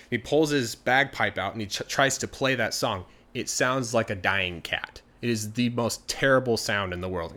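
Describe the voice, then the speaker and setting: A man telling a folktale in a chatty, animated storytelling style. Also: medium pitch, normal speed, hardly any pauses. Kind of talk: casual storytelling.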